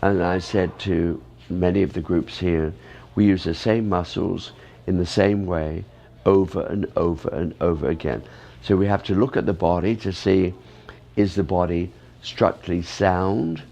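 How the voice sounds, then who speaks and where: A man's voice: sits low, normal speed, gravelly, mellow. A man who teaches ballet, rambling through interview answers with many "you know" fillers.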